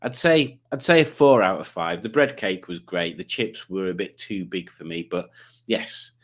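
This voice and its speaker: A man's voice: sits low, moderate pace, a bit bright. A man with a Yorkshire accent hosting a live stream, chatting casually and rambling through viewer comments. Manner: rambling, self-deprecating, chatty. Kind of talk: casual chat reading comments.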